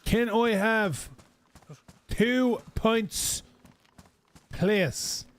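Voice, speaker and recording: A man voicing a confused tourist in a joke, speaking slowly and over-enunciated. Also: high voice, pitched above the performer's own voice. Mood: puzzled.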